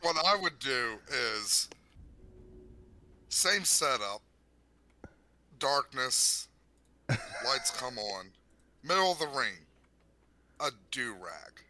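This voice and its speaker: A man's voice: mid-range voice, big pitch swings, drawn-out words, pauses often, pushed and bright, a little hiss or hum. A man in a casual comedic chat who builds long, absurd bits step by step.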